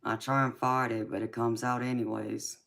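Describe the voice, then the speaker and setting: A woman's voice: a bass voice, little pitch movement, normal speed, gravelly, fairly bright tone. A woman with a thick Southern accent, chatting casually with viewers on a live stream as a tarot reader and calling them pet names like baby and darling. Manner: laughs often between remarks.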